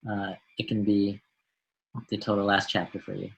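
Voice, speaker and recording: A man's voice: lowish voice, completely flat delivery, moderate pace, vocal fry, slightly rough, lo-fi sound. An American man, a doctor being interviewed on a podcast, speaking in a reflective way and often repeating words as he restarts. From United States. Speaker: guest, doctor and mentor.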